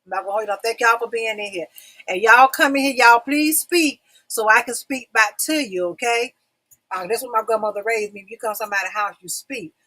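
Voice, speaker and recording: A woman's voice: a little high, a little fast, sharp tone, poor audio. A middle-aged woman hosting a casual livestream talk show, chatty and repetitive, talking straight to her viewers. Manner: chatty, repeats phrases, calls audience y'all.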